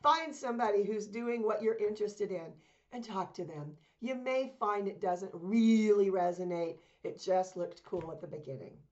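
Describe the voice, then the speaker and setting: A woman spiritual coach talking casually to her viewers, earnest and encouraging, slowing down to stress her points. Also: mid-range voice, darkish tone, lo-fi sound. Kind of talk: casual talk to camera.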